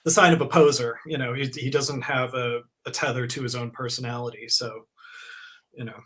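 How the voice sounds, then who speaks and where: Relaxed man co-hosting a podcast. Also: medium pitch, moderate pace. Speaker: podcast co-host. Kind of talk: casual chat.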